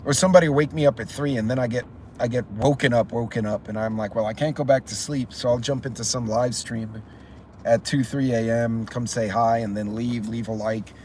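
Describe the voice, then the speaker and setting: A man's voice: mid-range voice, fairly even intonation, fairly quick. A man hosting a casual live stream, telling a rambling story and greeting chat viewers by name. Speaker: channel host. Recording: loud traffic and street noise. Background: loud outdoor street and traffic noise.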